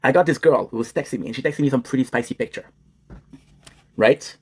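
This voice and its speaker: Young male streamer, crude rambling banter, quick husky delivery. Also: mid-range voice. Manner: crude, rambling banter, switching between English and French. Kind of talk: casual joking chat.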